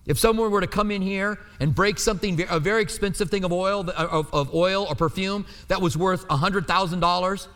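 High-voiced preacher in a reverberant hall. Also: male voice, brisk, few pauses, a bit bright. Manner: conversational, asks the listeners to check in. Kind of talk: teaching sermon.

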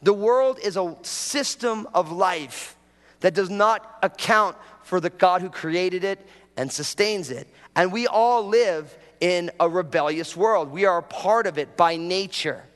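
A man's voice: high-pitched, measured pace, fairly bright tone, long reverb tail. A man preaching a sermon as pastor, talking casually and drawing the congregation in with prompts and jokes.

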